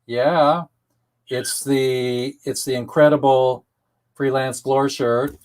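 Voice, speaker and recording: Halting male talk show host. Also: medium pitch, steady tone, darkish tone. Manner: halting, many ums and restarts. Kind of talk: casual online talk show.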